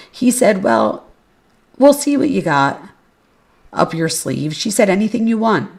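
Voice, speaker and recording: A woman's voice: medium pitch, vocal fry. A woman hosting a podcast, reading case records and message exchanges aloud with casual, blunt asides. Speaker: podcast host.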